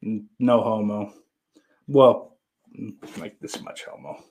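A man's voice: on the low side, steady tone, slow, darkish tone. A young man hosting a live stream, reading viewer comments aloud and riffing on them in a profane, rambling, teasing way. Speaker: livestream host reading chat. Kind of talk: casual live-stream chat.

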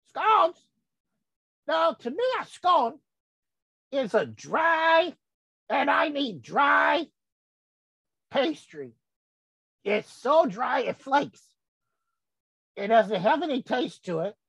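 A woman's voice: high voice, sing-song, very slow, gravelly, pauses often, fairly bright tone, dry recording, heavily acted, rough recording. A woman voicing a cranky, rambling old grandfather who gets sidetracked in a folksy comic monologue. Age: older. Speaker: comedy character host.

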